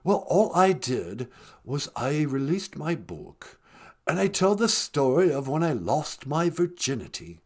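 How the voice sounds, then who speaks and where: A man doing a comedy impression of a hesitant, stammering prince, slow and mournful. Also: on the high side, big pitch swings, pitched below the performer's own voice, exaggerated voice. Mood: mopey. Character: mopey posh British prince, male.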